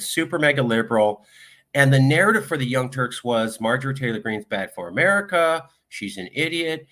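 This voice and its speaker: A man's voice: medium pitch, fairly bright tone. A man giving casual political commentary, reading viewer comments aloud one after another. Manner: reads viewer comments aloud in quick succession.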